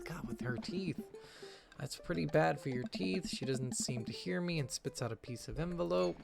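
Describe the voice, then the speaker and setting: A man's voice: on the high side, vocal fry. A young man hosting a let's play, chatting casually, joking and swearing, and reading the game's dialogue aloud. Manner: casual, joking, swears, reads lines in a put-on dad voice. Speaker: gaming channel host. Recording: faint game music behind.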